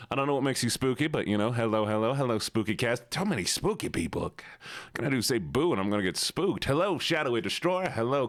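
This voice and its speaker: A man's voice: mid-range voice, fairly bright tone, smooth. A man streaming live, casually chatting and playfully greeting his viewers one by one. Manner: chatty and joking. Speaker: livestreamer. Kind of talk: casual livestream chat.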